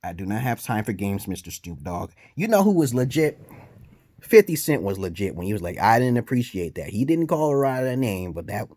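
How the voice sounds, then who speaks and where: A man ranting in a commentary vlog, profane and heated, jumping from shouted outbursts to low mutters. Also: big pitch swings, fairly quick, no echo, clean studio sound. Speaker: vlogger giving dating advice.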